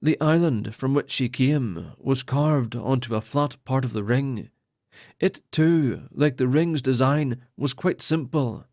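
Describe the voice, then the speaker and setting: A man narrating an epic fantasy audiobook in a steady, measured reading style. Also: medium pitch, no echo, clean studio sound. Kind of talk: scripted narration.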